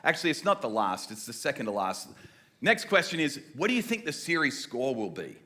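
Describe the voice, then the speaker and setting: A man's voice: mid-range voice, brisk. A man in his forties with a mixed Australian and American accent, opening a church sermon with jokes and banter aimed at the congregation. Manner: energetic, joking, talks directly to the room. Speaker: guest preacher. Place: church service before a congregation.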